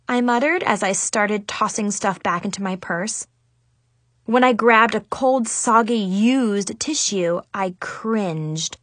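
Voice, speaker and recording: Animated woman reading a story. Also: on the high side, measured pace, no echo. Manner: dramatic, animated, teen-girl attitude. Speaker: audiobook narrator. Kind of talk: expressive first-person story reading.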